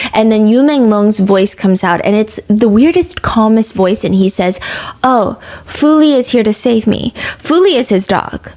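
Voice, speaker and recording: A woman hosting a podcast, telling a true-crime story in a brisk, earnest, casual way and asking a lot of questions. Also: mid-range voice, a little mellow. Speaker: podcast host.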